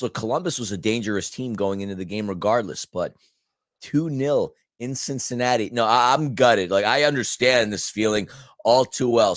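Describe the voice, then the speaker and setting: A man's voice: lowish voice, no room sound. Man losing his voice, dry close sound. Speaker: podcast co-host and commentator. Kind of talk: casual podcast chat.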